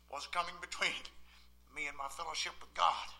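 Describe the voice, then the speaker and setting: Pastor guy preaching, sharp piercing voice, gets loud then drops quiet. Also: sits high, steady tone, normal speed. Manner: emphatic, swings from loud outbursts to quiet asides. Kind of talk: sermon. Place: church, at the pulpit.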